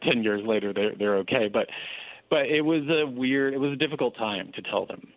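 A man telling his personal story as an interview guest, earnest and animated, with frequent restarts. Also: medium pitch, a little fast, no room sound. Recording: dry tinny phone-like line.

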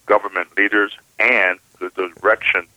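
A man giving political commentary as a guest, halting and often repeating his words. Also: lowish voice, level tone, bright, forceful tone, dry recording, poor audio.

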